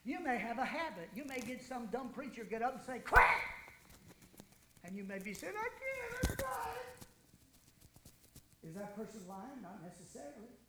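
A man preaching a sermon in a folksy storytelling way, dropping quiet and then building loud. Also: extremely high pitch, expressive, fast talker, few pauses, echoey room, very noisy.

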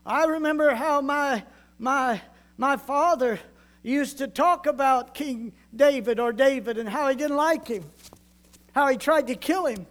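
A frail crippled young man, frightened and humble, stammering as he pleads in a high voice, put on by a preacher retelling the story. He sounds plain and everyday rather than strongly acted. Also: a little slow, a bit bright. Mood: fearful.

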